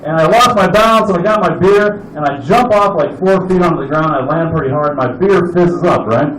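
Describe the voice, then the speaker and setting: A man's voice: fairly high pitch, brisk, a bit bright, echoey room, slight background noise, rough recording. A man doing open mic stand-up, telling a rambling, profane camping story. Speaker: stand-up comedian.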